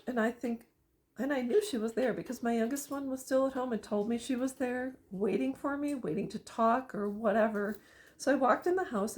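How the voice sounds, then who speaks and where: A middle-aged woman, a parent vlogger, delivers a monologue sharing a personal story and emphatic advice for other parents, listing items deliberately. Her voice is a little high with a darkish tone.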